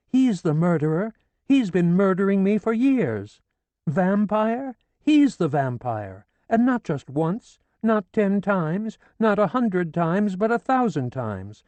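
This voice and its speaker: A man's voice: sits high, mellow, no echo, voice pushed up. A man voicing a distraught old woman who wails and then scolds indignantly, in an audiobook reading.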